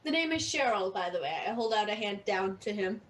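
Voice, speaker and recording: A woman's voice: mid-range voice, lively intonation, a little fast, recorded from a distance, a little hiss or hum. A woman playing a character in a tabletop game, playful and giggly. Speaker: player.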